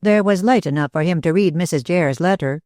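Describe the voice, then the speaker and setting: An earnest young man, blunt and plain-spoken in an audiobook, as a woman narrator reads him. The voice stays low and even, recorded close and dry with no room around it. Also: fairly quick, dry recording, lightly acted. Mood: puzzled.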